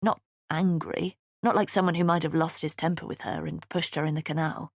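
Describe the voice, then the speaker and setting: A woman narrating a thriller audiobook in the first person, tense and steady, on a close studio mic. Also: low-pitched, fairly quick, gravelly, no echo. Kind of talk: scripted narration.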